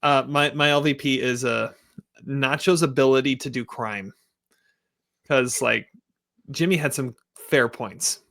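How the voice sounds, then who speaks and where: A man's voice: medium pitch, unhurried, gravelly, long pauses, fairly bright tone. A man co-hosting a casual TV review podcast, a teacher who rambles and laughs a lot. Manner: rambling, chatty, laughs often.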